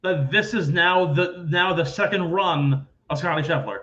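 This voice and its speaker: A young man with a notably high voice hosts a casual sports podcast. He tells stories in a chatty way, swears freely, and comes through a dull, lo-fi mic. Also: animated, a little slow, sharp tone. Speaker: podcast host.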